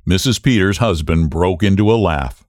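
A man narrating a story as an audiobook reader, measured and expressive. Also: deep voice, no room sound, studio quality. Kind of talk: scripted narration.

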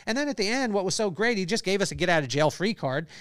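A man in his forties hosts a podcast, giving a casual, faith-based motivational talk in which he reels off lists of virtues with rising energy. His voice sits high with big pitch swings and a quick pace; the tone is a bit bright, clear and resonant, and the recording is dry.

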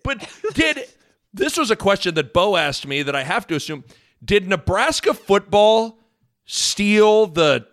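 A man co-hosting a sports podcast, joking and bantering in a lively way. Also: sits high. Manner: animated, jokey, quick to banter. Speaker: podcast co-host. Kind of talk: casual sports chat.

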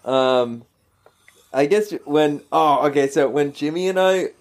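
A man's voice: on the high side, unhurried. A young man in casual chat, telling a story with energy and acting out the voices of the people in it. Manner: animated storytelling, acts out quoted voices.

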